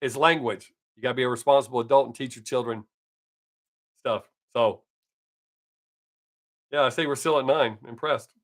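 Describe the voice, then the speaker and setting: A man's voice: mid-range voice, fairly even intonation, normal speed, long pauses, fairly bright tone. A man in his fifties, a comic chatting casually on his live stream, rambling and joking crudely, with a slight scratch in his voice. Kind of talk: casual chat.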